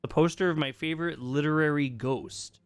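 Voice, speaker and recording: A man's voice: on the high side, normal speed, smooth, faint music behind. A man streaming a game live, reading its text aloud and casually commenting and laughing.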